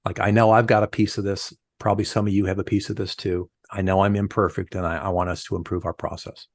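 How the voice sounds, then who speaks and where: A middle-aged man speaks as a podcast guest, his voice gravelly with a crackle of fry. The sound is dry and close-miked. He tells stories with energy and slips into other people's voices as he quotes them. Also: low voice, fast talker, no echo. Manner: animated storyteller, acts out quoted voices. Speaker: podcast guest, leadership coach. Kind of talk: conversational podcast interview.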